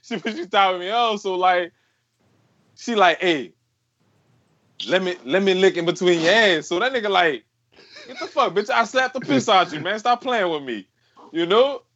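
A man's voice: high-pitched, expressive, moderate pace, pauses often, fairly bright tone, muffled recording. A man telling a crude story in casual chat, swearing, full of slang and laughing as he goes.

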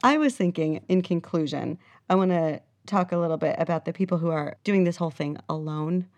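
A woman's voice: on the low side, fairly quick, a little mellow, dull audio. Woman co-host in casual chat. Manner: skeptical, teasing interjections. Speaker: podcast co-host.

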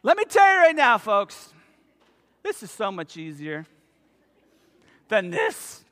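Man, 50s, pastor, sermon, high voice, animated storytelling, long echoing hall. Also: takes it slowly. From United States. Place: church sanctuary. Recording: long reverb of a church hall.

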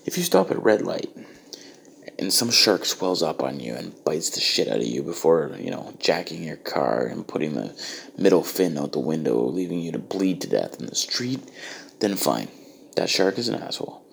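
A man's voice: very deep voice, sing-song, moderate pace, gravelly, slight background noise. A man delivering a profane, exasperated comedic rant. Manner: ranting, exasperated, heavy swearing.

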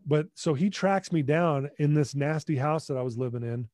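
A man's voice: on the high side, moderate pace, no room sound, clean studio sound. A middle-aged man telling a personal story as a podcast guest, acting out dialogue and often restarting and repeating words. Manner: animated retelling with acted-out dialogue.

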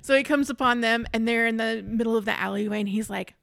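Woman with a gravelly voice, casual podcast. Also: fairly high pitch, quick pace, dry recording. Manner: animated retelling with acted quotes and laughter. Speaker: podcast co-host. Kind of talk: casual book discussion.

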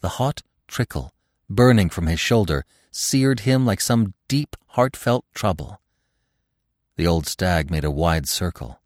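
Deep-voiced, expressive male storyteller. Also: unhurried, dry recording, clean studio sound. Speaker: narrator. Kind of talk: audiobook reading.

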